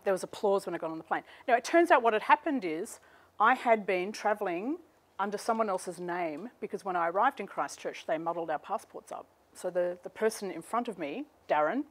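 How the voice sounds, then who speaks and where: A middle-aged woman gives a university seminar lecture into a microphone before an audience. She tells stories in a wry, anecdotal way, with mid-range pitch for a woman. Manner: humorous anecdotal storytelling. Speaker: guest lecturer.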